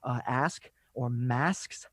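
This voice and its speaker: A man guesting on a podcast, talking fast and laid-back in casual chat, laughing often. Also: medium pitch, fairly bright tone, no room sound.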